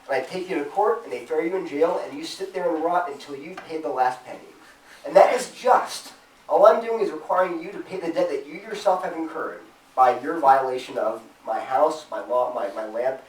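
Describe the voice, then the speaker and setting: A man's voice: on the high side, moderate pace. Earnest man lecturing in a roomy hall. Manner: earnest, emphatic, acts out imagined objections in a raised voice. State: choked up with emotion at times. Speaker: speaker at a campus Christian group. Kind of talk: apologetics talk to students. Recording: roomy, distant from the mic.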